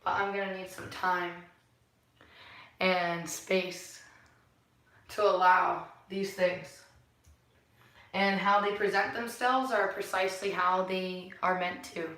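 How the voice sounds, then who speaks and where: A woman vlogger in a rambling spiritual monologue, musing and preachy, often sighing and laughing softly. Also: fairly low pitch, fairly even intonation, takes it slowly, pauses often. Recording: very echoey room, far from the mic.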